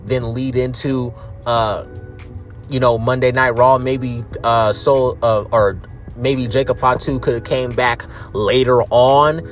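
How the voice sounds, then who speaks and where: A man's voice: mid-range voice, fairly even intonation, slow pace, soft background music. A man giving a casual ranting recap of a show, sarcastic and profane, repeating words as he gets worked up. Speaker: wrestling commentary YouTuber.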